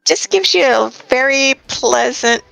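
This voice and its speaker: A woman's voice: high-pitched, animated, a little slow, vocal fry, sharp tone, faint music behind. A woman player talking in character at a tabletop game, cheerful and chatty.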